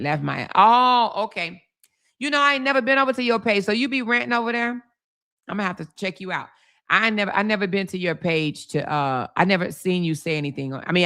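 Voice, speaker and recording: Sassy bright-voiced woman chatting on a livestream. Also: on the low side. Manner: sassy, chatty, laughs often, says baby and y'all. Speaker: livestream host. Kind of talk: casual live chat, reading comments.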